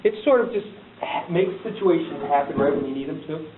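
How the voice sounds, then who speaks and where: A man's voice: a little high, expressive, fairly quick, a crowd in the background. A middle-aged man giving a heartfelt motivational talk, telling a personal story in an earnest, emphatic way. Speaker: motivational speaker. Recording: echoey, distant, tinny, hissy recording.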